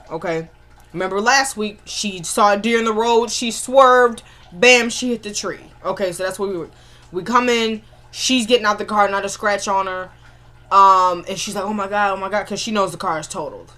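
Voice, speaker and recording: A woman recapping a TV episode in a casual vlog from her home kitchen, chatty and animated, with exasperated asides. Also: medium pitch, normal speed. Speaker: TV episode reviewer.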